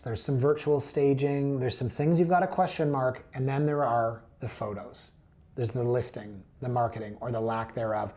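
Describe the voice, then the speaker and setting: A man's voice: mid-range voice, warm tone. A man hosting a real estate show, chatting casually through listings and drifting into playful tangents.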